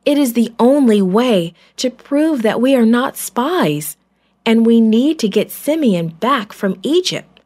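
A woman's voice: animated, a little slow, a little mellow. A woman voicing a group of frightened grown brothers who plead anxiously, in a children's storybook. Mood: urgent. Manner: pleading, anxious, higher pitched.

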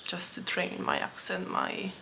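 Young woman, non-native English speaker, casual vlog chat, unhurried, many fillers and laughs. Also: sharp tone, slight background noise. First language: not English. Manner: chatty, giggly, with many fillers and restarts. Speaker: language-learning vlogger.

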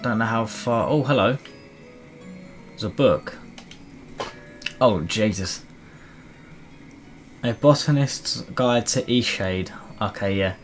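A man's voice: fairly low pitch, slow, pauses often, faint music behind. A man casually commentating a video game as host, cheeky and chatty. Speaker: gaming host. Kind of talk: let's play commentary.

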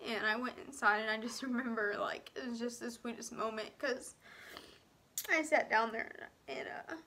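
A young woman tells her own story in an emotional vlog. She sounds close to tears and speaks haltingly, often dropping to a near whisper and filling pauses with "um" and "like.". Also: on the high side, fairly even intonation, bright, forceful tone, a little hiss or hum. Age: young adult. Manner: frequent "um" and "like" fillers.

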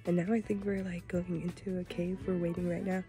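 A woman's voice: lowish voice, flat delivery, fairly quick. A young woman talking casually to the camera as a travel vlogger, gushing and chatty with lots of "like". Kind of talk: casual vlog chat to camera. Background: music.

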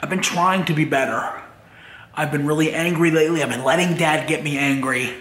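A man recording a confessional vlog in his garage, talking in a halting, upset way with many pauses. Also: on the high side, a bit bright, roomy sound. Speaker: vlogger.

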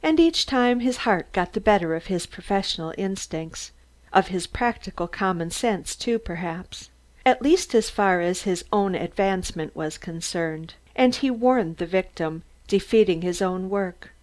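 A woman giving steady, measured audiobook narration. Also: mid-range voice. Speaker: audiobook reader.

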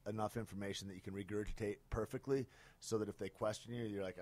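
A man's voice: sits low, rapid-fire, a little mellow. A man hosting a podcast in casual chat, laid-back and swearing freely. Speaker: podcast host.

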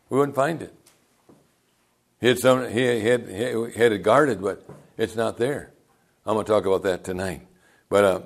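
Older folksy preacher man. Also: fairly low pitch. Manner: folksy storytelling preacher, calls out to the congregation. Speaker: pastor. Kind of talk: sermon.

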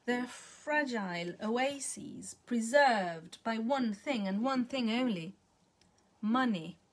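A woman's voice: on the high side, expressive, takes it slowly. A woman reading the part of Millicent, a bitter, scornful elderly woman who lectures her friend.

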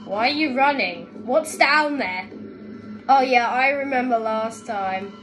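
Excitable high-voiced woman gaming, music behind. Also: a little slow, rough recording. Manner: excitable, yelling at other players. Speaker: gaming video creator. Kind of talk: gaming commentary.

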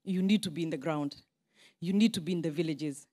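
A woman's voice: deep voice, a little fast, warm tone. A Kenyan woman in her forties giving an informal, self-deprecating speech to a crowd as a politician, with Swahili asides. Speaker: politician addressing a diaspora meeting.

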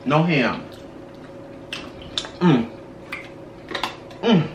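A sassy man chatting over a meal, drawling out his words and calling everyone honey. His voice is animated and swoops around. It sounds roomy and set back from the mic, with a faint hiss. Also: a little high, very slow, dull audio. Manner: sassy, drawling, peppering lines with honey and girl. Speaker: co-host. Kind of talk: casual mukbang chat. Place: indoors at a dining table. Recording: roomy, slightly distant, faint noise.

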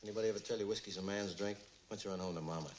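A man's voice: lowish voice, fairly even intonation, racing, muffled recording, natural voice. An actor playing a cocky, wisecracking tough-guy man in a 1960s Hollywood film, talking in a sarcastic, needling way. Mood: cool.

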